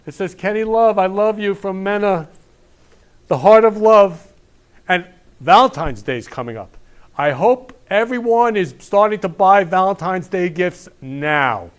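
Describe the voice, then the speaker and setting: A man's voice: sits high, animated, a little slow. A middle-aged man hosting a talk show, gushing and repeating declarations of love in an effusive monologue.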